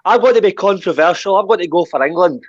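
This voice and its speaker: Man, high voice, dull dry sound. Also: lively intonation, fast. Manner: jokey, laughs a lot. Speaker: comedian panellist.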